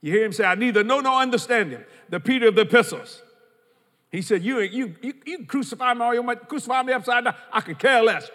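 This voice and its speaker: A man's voice: very high-pitched, fast, bright, forceful tone, in a large hall. A man preaching a sermon as pastor, quoting scripture and repeating key lines for emphasis.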